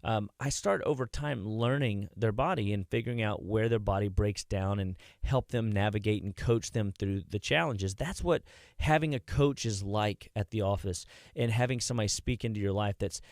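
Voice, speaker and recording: A man with a low voice tells long, rambling stories as a guest on a radio talk show. He restarts often and chats casually. The sound is dry and close, with no room echo. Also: moderate pace. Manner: chatty, rambling anecdotes with many restarts. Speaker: health clinic practitioner, radio guest. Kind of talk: casual radio interview storytelling. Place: radio studio.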